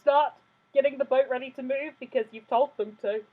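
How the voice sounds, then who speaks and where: A woman game master narrates the scene in a high voice, relaxed and full of fillers. The audio is muffled and lo-fi. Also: fairly quick. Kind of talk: running a tabletop game.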